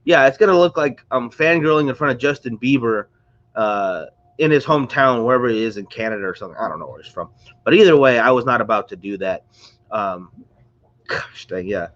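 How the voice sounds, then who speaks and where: A man's voice: medium pitch, lively intonation, brisk, a bit bright, dull audio. A man hosting a casual livestream, rambling and chatty while sounding congested and under the weather. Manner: rambling, chatty, greets viewers. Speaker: livestream host. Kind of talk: casual live-stream chat. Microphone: close to a screen or phone.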